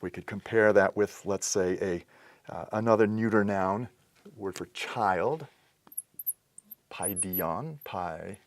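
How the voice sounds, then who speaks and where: Male lecturer, lowish voice, patient and methodical, screen-recorded lesson. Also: steady tone. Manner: patient, explanatory, with pauses and restarts. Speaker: teacher. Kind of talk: recorded lecture on Greek accents.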